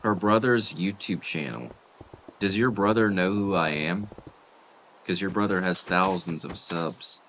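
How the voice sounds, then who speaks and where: A man's voice: low voice, a bit bright, a little hiss or hum. A man streaming a building game, chatting casually with viewers and reacting as he plays. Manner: chatty, talks to chat while building, quick exclamations. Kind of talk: casual gaming chat with viewers.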